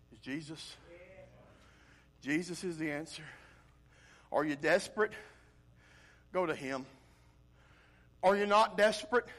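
A male pastor preaching an animated sermon, swinging from loud emphasis to quiet intensity. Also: high voice.

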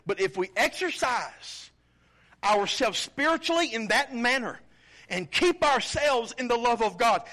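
A man preaching a sermon as pastor, with dramatic pauses and rising emphasis. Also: very high-pitched, bright, forceful tone.

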